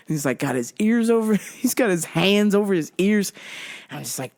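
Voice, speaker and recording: A woman host telling a comic story in a crude, laughing style. Her voice swings widely in pitch as she tells it. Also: lively intonation, moderate pace, a little mellow. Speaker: podcast host. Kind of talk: comedic storytelling.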